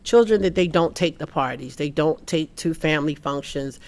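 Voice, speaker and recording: A woman's voice: sits low, normal speed. A woman speaking on a panel about mental health. She talks earnestly, restarts often, and animates the people she quotes. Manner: earnest, acts out quoted people in lively voices. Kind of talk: panel talk.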